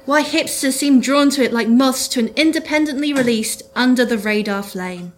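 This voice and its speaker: A woman's voice: sits high, moderate pace. A woman reading her own comic detective story aloud to a live audience, with a dry delivery.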